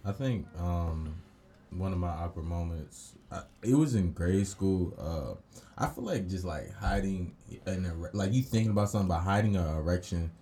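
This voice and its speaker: A young man with a very low voice co-hosts a podcast in relaxed, casual chat. He drags out his words at an easy pace, and a faint hum of noise sits behind him. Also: normal speed. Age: young adult. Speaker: podcast co-host.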